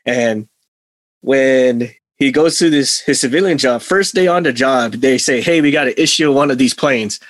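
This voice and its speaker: A man co-hosting a laid-back podcast, retelling a story a listener sent in. His voice is mid-pitched and dry and close, with no echo. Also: normal speed. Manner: relaxed storytelling, reads listener stories. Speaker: podcast co-host. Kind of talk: casual chat.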